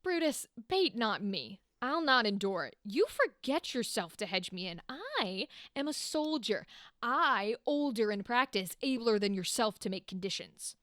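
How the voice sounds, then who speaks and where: A woman's voice: fairly high pitch, big pitch swings, a little slow, fairly bright tone, dry recording, studio quality. Cassius, a woman reading a proud touchy soldier. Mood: stern. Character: hot-headed Roman soldier Cassius, male, proud and touchy. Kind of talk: dramatic reading of a play.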